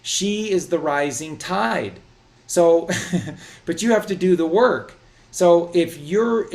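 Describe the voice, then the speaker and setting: Man, animated and preachy, rambling group discussion, slightly high voice. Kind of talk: casual religious discussion.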